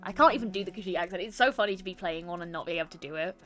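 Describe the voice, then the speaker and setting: A woman's voice: on the low side, rapid-fire. A young woman chatting with her stream chat while playing a game, reading messages aloud and laughing often. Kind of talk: casual gaming stream chat. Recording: streamed with loud game music.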